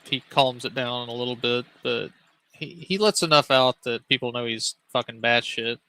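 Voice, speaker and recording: A man's voice: mid-range voice, normal speed, pushed and bright, rough recording. A man co-hosting a stream, making blunt, sarcastic remarks. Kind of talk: casual chat.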